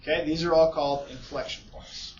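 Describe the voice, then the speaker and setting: A man's voice: fairly high pitch, steady tone, a little fast, a little hiss or hum. Casual male teacher in an echoey classroom. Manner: casual, keeps checking in with "okay?" and "right?". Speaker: math teacher. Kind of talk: classroom lecture. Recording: echoey, distant, muffled classroom recording.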